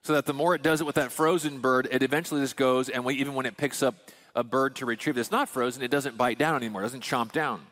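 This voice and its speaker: A man's voice: medium pitch, fairly even intonation, fast talker, fairly bright tone, long reverb tail. A man in his thirties, a pastor preaching a sermon in a candid, conversational way with folksy asides.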